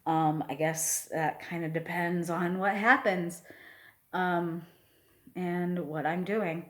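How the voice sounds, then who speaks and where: A trans man with his pre-testosterone voice, talking slowly and heartfelt in a personal video update, halting with many pauses and fillers. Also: high voice, fairly even intonation. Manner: soft, heartfelt. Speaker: vlogger.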